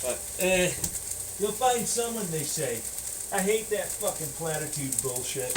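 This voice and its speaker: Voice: medium pitch, very animated, unhurried, noisy background. An audio blogger rambling profanely in a casual monologue, slipping in and out of put-on voices.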